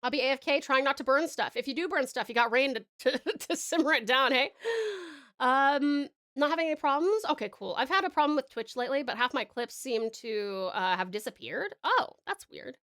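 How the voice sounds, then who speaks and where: A woman's voice: high-pitched, lively intonation, brisk, a bit bright. A young Australian woman with an Australian accent, chatting casually on a live stream, reading chat aloud and laughing often.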